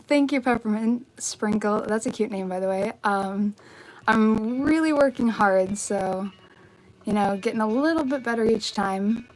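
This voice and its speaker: A woman's voice: a little high, a little slow, poor audio. A young woman chatting casually through a live-stream Q&A, upbeat, with many likes and ums, on a phone held at arm's length in her bedroom. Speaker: vintage fashion YouTuber. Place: bedroom with vanity. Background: faint music.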